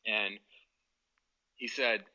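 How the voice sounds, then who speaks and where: A man's voice: fairly low pitch, steady tone, very slow, bright, forceful tone, highs cut off. Man telling rambling hockey stories. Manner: rambling anecdotes, quoting others. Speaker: guest, former hockey player. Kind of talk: storytelling in a podcast interview.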